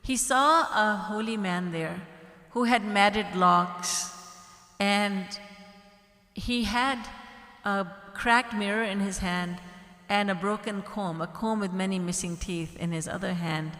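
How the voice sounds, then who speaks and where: A woman spiritual teacher giving a gentle devotional discourse, softly quoting prayers. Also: medium pitch, takes it slowly. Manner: gentle, devotional, quotes prayers in a soft pleading tone. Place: large hall at a retreat. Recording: echoey hall with long reverb.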